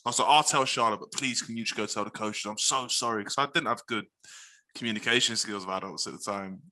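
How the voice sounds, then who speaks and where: A man's voice: on the low side, quick pace, bright, forceful tone. A man co-hosting a podcast, telling a laid-back, sweary anecdote in casual chat. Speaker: podcast co-host.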